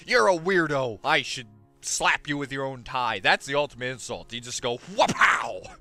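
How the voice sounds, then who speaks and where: A man's voice: medium pitch, moderate pace, bright, forceful tone, soft background music. A man with a goofy, self-mocking manner, rambling through casual gaming commentary into a headset mic. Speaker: let's play host.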